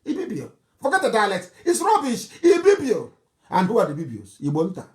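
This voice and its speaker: A man with a Nigerian accent delivers a heated broadcast monologue. His voice swings widely in pitch as he mocks and scolds his critics. He hammers home each point by repeating it. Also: wildly swooping pitch, fairly quick, a little mellow. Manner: combative and scornful, repeating insults and points for emphasis; breaks into mocking laughter between points. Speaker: political leader giving a broadcast. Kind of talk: fiery political broadcast monologue.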